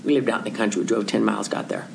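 A woman's voice: rumbling low, racing, creaky, background noise. A woman telling a story in conversation, acting out the voices of the people in it and sometimes dropping to a whisper, with a faith message. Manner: animated storyteller, acts out voices, drops to whispers. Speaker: Christian speaker telling a story.

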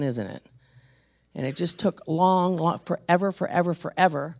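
A preacher giving an intense sermon with a personal testimony, dropping to hushed tones and then building to forceful exhortation. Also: mid-range voice, moderate pace.

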